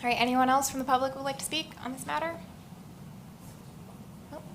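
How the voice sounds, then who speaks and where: Woman chairing council meeting, high and quick, hiss behind. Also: fairly even intonation, fairly bright tone. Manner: brisk, procedural.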